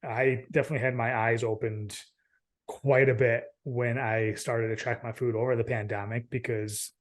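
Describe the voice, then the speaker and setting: A man hosting a casual podcast and asking a guest questions. He talks in an animated way, laughs easily and uses many fillers. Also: medium pitch. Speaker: podcast host. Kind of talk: casual interview chat.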